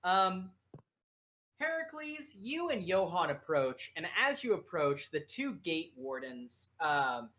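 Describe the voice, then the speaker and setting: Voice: medium pitch, very animated, slow, sharp tone. A game master narrating a casual tabletop game, laughing often and filling gaps with ums. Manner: laughing, filler-heavy narration.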